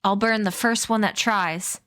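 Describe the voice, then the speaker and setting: A woman's voice: medium pitch, fairly even intonation, unhurried, a bit bright, lightly acted. A woman voicing a haughty, commanding young girl in a read-aloud story, firm and proud. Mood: defiant shouting.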